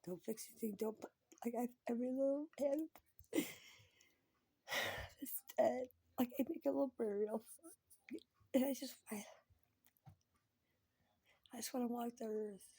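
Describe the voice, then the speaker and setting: A woman's voice: a little high, unhurried, long pauses, warm tone, husky. A woman talking in a rambling personal monologue, repeating herself, swearing freely and sometimes dropping into a whisper.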